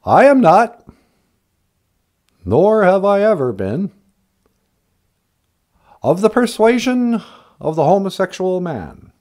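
A man doing an impression of a former male president, speaking slowly and deliberately with pauses between words. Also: fairly high pitch, wildly swooping pitch, darkish tone, full character voice. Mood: solemn.

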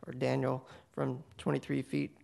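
A man, a city planner, giving a staff report at a public meeting, brisk with some fillers. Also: medium pitch, monotone, vocal fry, dark tone.

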